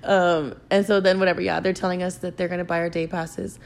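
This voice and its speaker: A woman's voice: lowish voice, little pitch movement, fairly quick, vocal fry. Chatty young woman telling a story. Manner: chatty, swears freely, full of "like" fillers. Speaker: podcast host. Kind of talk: casual storytelling.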